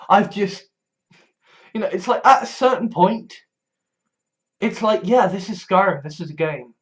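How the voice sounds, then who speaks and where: A man in a casual rambling monologue, stumbling over restarts, swearing freely and laughing wryly at himself. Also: sits high. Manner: wry, laughs often. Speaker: vlogger.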